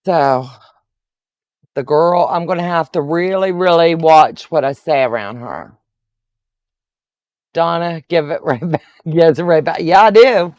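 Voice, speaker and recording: Woman, chatty quilting teacher, slow unhurried talk, dry close sound. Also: low voice, darkish tone, dry recording, muffled recording. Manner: chatty, laughs often, talks to viewers. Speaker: quilting instructor. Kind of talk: casual live-stream tutorial.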